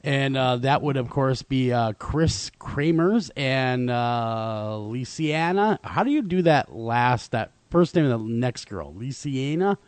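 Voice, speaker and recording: Halting talk-radio host, a man. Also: medium pitch, lively intonation, smooth, no echo. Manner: halting, many fillers and restarts. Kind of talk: casual talk radio chat.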